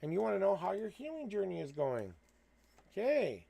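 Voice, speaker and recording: High gravelly-voiced male tarot reader. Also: huge pitch swings, moderate pace, mellow. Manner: counts cards aloud, then speaks in earnest spiritual encouragement. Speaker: tarot reader hosting a livestream. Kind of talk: live tarot reading and spiritual blessing. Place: at home with a cat.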